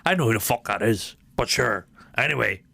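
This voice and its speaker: A man voicing a gruff older uncle who is a movie actor, speaking in a deadpan way with a Northern Irish accent. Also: mid-range voice, a little fast, no room sound, heavily acted.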